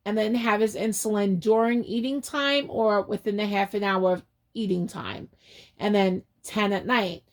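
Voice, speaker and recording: Overwhelmed woman vlogging an update, anxious and rushed, mid-pitched voice. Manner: anxious, retelling conversations in a rush. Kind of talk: emotional personal update.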